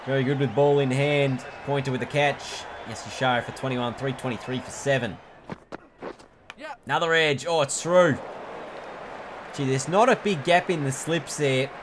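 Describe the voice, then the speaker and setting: A man calls a cricket video game play by play, his voice at an everyday middle pitch. He is chatty, corrects himself as he goes, and jumps up in excitement at big moments. A clear, steady noise runs behind the recording. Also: moderate pace. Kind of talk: play-by-play sports commentary.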